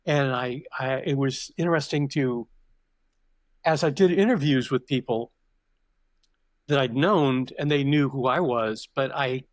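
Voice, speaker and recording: A man's voice: mid-range voice, measured pace, long pauses, no room sound. An older man, a podcast guest, telling stories reflectively in conversation, often restarting his sentences. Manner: reflective and digressive, with frequent restarts. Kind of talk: conversational interview storytelling.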